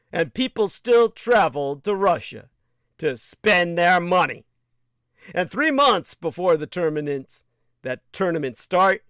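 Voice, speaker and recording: A man's voice: high voice, fairly bright tone, clear, resonant tone, no echo, clean studio sound. A man hosting a livestream, reading aloud and adding blunt, indignant commentary with some swearing. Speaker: livestream host.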